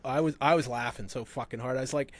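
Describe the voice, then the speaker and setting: Man, casual chat, laughs a lot, swears freely, average pitch. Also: fast. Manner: laughs often, profane storytelling.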